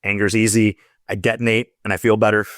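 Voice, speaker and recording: A middle-aged man, a former soldier, talking in a relaxed, reflective way as a podcast guest, with many loose asides. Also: fairly low pitch, fast talker, no room sound, clean studio sound. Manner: reflective, talks in loose run-on thoughts with many "like"s. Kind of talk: casual conversational interview.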